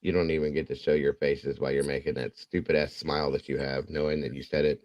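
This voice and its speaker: A man's voice: extremely low pitch, fast, dry recording, dull audio. Rambling man telling a story on stream. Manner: rambling, animated storyteller acting out quotes. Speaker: true crime livestream host. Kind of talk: casual storytelling livestream.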